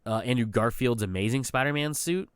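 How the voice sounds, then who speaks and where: Smooth-voiced man arguing a point. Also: medium pitch, a little fast, dry recording, studio quality. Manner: animated, argumentative, checks agreement often. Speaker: podcast co-host. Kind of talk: casual movie review chat.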